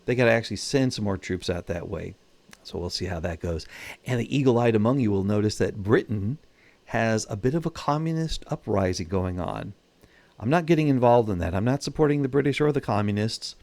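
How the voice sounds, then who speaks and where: A man's voice: lowish voice, animated, brisk, creaky, a little mellow, no room sound. A man hosting his own channel, giving casual, wry commentary while he plays a strategy game and thinks aloud about his moves. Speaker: gaming channel host.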